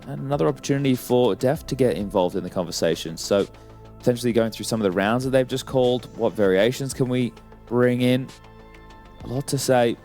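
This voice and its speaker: A man's voice: medium pitch, a little fast, darkish tone, faint music behind. A man giving analytical color commentary on an esports match. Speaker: esports caster.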